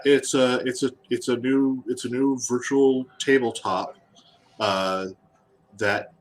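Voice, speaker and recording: A man, an artist and guest, chatting casually while he draws, halting and repeating words as he goes. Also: fairly low pitch, slight background noise. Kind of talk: casual chat while drawing.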